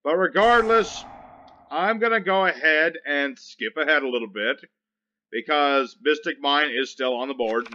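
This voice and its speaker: Gamer dude narrating his own match: bright, forceful voice, sarcastic asides, dull lo-fi mic. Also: on the high side. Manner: chatty, wry, grumbles sarcastically at opponents. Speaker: gameplay commentator. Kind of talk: casual card-game play commentary.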